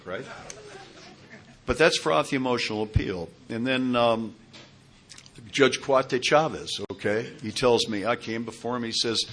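A man's voice: medium pitch, expressive, normal speed, fairly bright tone, a little hiss or hum. A man in his sixties telling his own recovery story in a rambling way, often checking in with his listeners. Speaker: recovery meeting speaker. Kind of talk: personal testimony talk.

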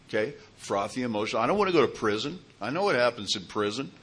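A man's voice: medium pitch, expressive, quick pace, a bit bright, husky. A man in his sixties telling his own recovery story in a rambling way, often checking in with his listeners. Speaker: recovery meeting speaker. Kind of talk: personal testimony talk.

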